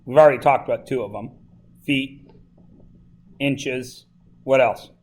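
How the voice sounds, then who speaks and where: A man from Canada teaching a high school math class, talking casually, joking with the students and asking them lots of questions. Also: a little slow, a little mellow. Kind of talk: classroom lesson.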